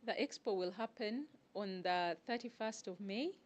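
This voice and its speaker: A woman who organizes a networking group answers interview questions as a guest, her pitch even and mid-range. She explains things step by step in a measured way, often pausing to find her words.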